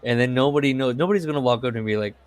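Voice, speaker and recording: A man's voice: mid-range voice, very fast, smooth. Male podcast co-host, loose rambling anecdotes, frequent laughs, salty language. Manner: rambling storyteller, laughs often, swears. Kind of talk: casual chat.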